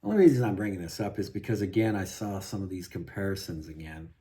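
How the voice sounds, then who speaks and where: Low-voiced and quick, this guitar vlogger rants with a dark tone, rambling in frustration with constant restarts, asides, and "you know"s.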